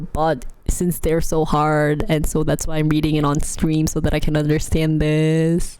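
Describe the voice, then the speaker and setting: A woman's voice: deep voice, monotone, a little slow, hardly any pauses, warm tone, clean tone. A young woman streaming live, reading news articles aloud and chatting casually with her viewers, often laughing and calling them guys.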